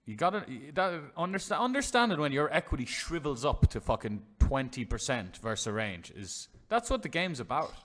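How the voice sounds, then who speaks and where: A man's voice: a little high, big pitch swings, brisk, hardly any pauses, a bit bright. A man commentating on his own online poker hands live, chatty and swearing freely, talking to his chat as lads and boys. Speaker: poker streamer.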